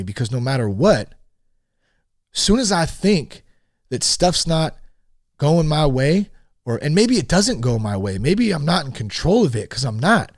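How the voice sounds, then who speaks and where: A man in his thirties hosting a podcast, talking frankly in a casual, animated monologue. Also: on the high side, unhurried, no echo, clean studio sound. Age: 30s. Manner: animated and frank, with swearing and rising emphasis. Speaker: podcast host.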